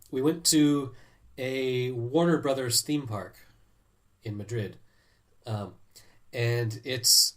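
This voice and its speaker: A man hosting a podcast, talking casually in a rambling, chatty way. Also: mid-range voice. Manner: chatty, rambling, many restarts. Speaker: podcast host. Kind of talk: casual chat.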